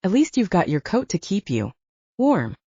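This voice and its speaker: A woman's voice: medium pitch, very animated, normal speed, dark tone, husky, no room sound, lo-fi sound. A woman voicing a young female werewolf painter who is playful and stubborn, in an audiobook. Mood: teasing.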